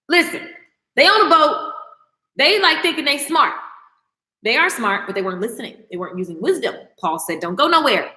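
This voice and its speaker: Animated, bright-voiced woman teaching Bible. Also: high-pitched, echoey room. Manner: animated, chatty, slangy storyteller. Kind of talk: casual Bible teaching to camera.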